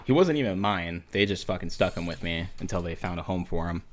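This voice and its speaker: Man, host, lowish pitch, swearing, animated storytelling, laughs often. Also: fairly quick. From United States. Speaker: podcast host. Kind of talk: casual storytelling chat.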